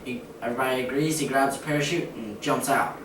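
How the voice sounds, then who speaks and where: A man's voice: mid-range voice, steady tone, fast. Young man joking in an echoey room. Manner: loose, rambling setup. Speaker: channel co-host. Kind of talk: casual joke telling. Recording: distant echoey room with noise behind.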